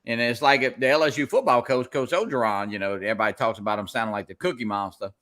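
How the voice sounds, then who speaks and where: A middle-aged man with a Louisiana accent, hosting a casual chat and talking in halting, rambling runs. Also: medium pitch, a bit bright. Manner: rambling, halting with many restarts. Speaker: host.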